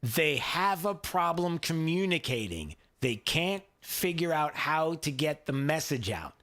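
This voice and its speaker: Mocking, halting male radio host. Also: on the high side, big pitch swings, a bit bright. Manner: mocking, halting with many fillers. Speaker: radio talk show host. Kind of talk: opinionated radio commentary.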